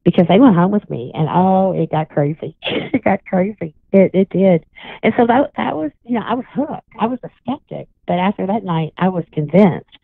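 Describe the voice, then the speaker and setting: A woman's voice: mid-range voice, animated, a little fast, gravelly, breathy edge, no room sound. A woman guest on a radio call-in show, telling a long rambling story full of restarts. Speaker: guest psychic and paranormal investigator. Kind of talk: casual radio chat. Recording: tinny phone line, dry.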